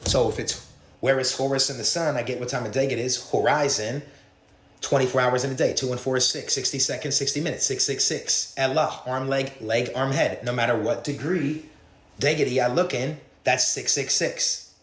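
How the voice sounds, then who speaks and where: A man lectures earnestly, jumping from pun to pun in a rambling monologue. His voice sits at an ordinary pitch. The clip sounds roomy and echoey. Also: fairly even intonation, normal speed. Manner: stream of puns, earnest lecturing. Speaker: conspiracy video speaker. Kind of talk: rambling word-association monologue. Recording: roomy clip played on stream.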